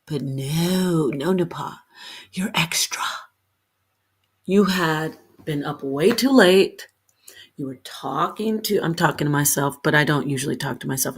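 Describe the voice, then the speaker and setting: Chatty woman livestreaming to her viewers. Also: low-pitched. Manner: self-correcting, animated, talks to herself and viewers. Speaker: livestream host. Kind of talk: solo livestream talk to chat.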